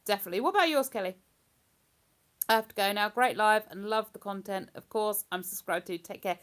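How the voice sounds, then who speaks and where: A woman's voice: mid-range voice, fairly quick, a bit bright. A woman hosting a livestream in casual, rambling chat. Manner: rambling, chatty, breaks into hummed tunes. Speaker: livestream host.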